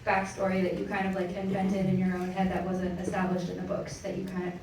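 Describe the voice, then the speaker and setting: A woman moderating a panel and asking a casual, quick question peppered with likes. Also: lowish voice, monotone, darkish tone, a little hiss or hum. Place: large convention panel hall. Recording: echoey hall from far off.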